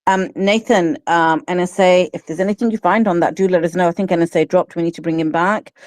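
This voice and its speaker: A woman's voice: on the low side, fairly even intonation, fairly quick, no echo. A woman hosting a live audio panel, loose and chatty, with fillers as she calls on speakers. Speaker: panel host.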